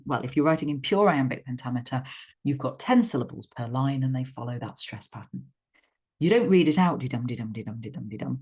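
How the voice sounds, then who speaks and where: A woman's voice: extremely low pitch, darkish tone. A woman teacher explaining a poem in a loose, thinking-aloud way, sometimes chanting stress patterns to show the rhythm. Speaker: English literature teacher. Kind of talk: explanatory poetry lesson.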